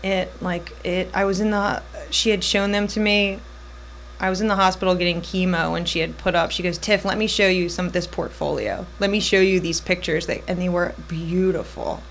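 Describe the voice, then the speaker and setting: Podcast guest, woman, thirties, low-ish voice, rambling personal storytelling, faint noise floor. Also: fairly even intonation, vocal fry, a bit bright. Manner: tells her story in quick, looping bursts, voicing others in her quotes.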